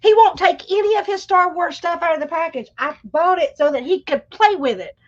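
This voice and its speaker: A schoolteacher hosting a livestream chats casually and directly with her viewers, her throat irritated and coughing. Her voice is very high-pitched and a little fast, and the audio sounds dull.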